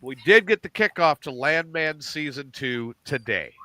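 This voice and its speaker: A middle-aged man hosting a casual podcast, animated and profane, acting out lines as he recaps TV shows. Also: on the high side, unhurried. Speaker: podcast host.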